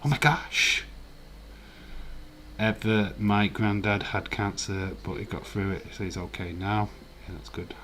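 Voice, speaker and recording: Male streamer in his forties, lowish voice, easygoing rambling chat. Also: level tone, moderate pace, few pauses, slight background noise. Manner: laid-back, rambling commentary with filler words. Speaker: streamer hosting a live watch-along. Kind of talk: casual live-stream chat, reading viewer comments.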